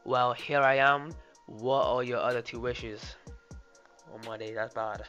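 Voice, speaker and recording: A young man streaming live and reacting loudly, laughing and often saying "oh my days" and "bro". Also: mid-range voice, fairly even intonation, unhurried. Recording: dull lo-fi sound with faint music. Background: faint background music.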